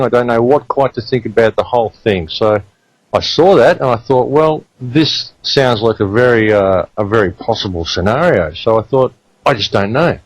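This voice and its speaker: A man's voice: mid-range voice, animated, moderate pace, dry recording, poor audio. A man with an Australian accent hosting a talk radio show, speaking emphatically to his listeners. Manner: emphatic, addresses listeners as folks.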